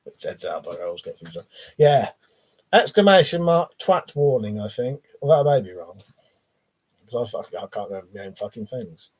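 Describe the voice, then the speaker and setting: A very animated man with a mid-range voice, a darkish tone and a breathy edge talks at a moderate pace. As host of a live stream, he reads viewer comments out and banters back casually, swearing a lot, over dull lo-fi audio.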